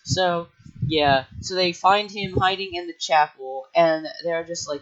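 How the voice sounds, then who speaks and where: A man's voice: fairly high pitch, steady tone, a little slow, fairly bright tone. A young man telling a rambling personal story in a casual vlog, full of filler words and restarts. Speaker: storytime vlogger. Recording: dull lo-fi mic.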